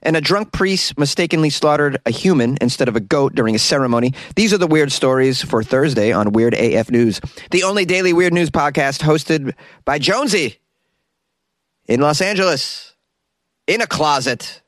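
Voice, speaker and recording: A man's voice: on the high side, expressive, fairly quick, no echo. A man hosting a comedic weird-news podcast from a small closet, reading stories and drifting into rambling, self-mocking asides. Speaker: podcast host.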